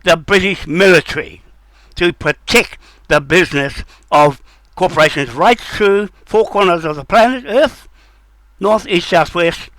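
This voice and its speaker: A man's voice: high voice, a bit bright, no echo. An older man, delivering an indignant, rambling monologue full of accusations and repeated points. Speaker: self-styled sovereignty advocate.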